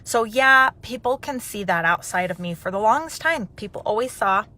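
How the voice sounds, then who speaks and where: Bright-voiced woman telling a story. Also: mid-range voice, moderate pace. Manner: animated, chatty, full of "like". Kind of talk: personal storytelling and motivational talk.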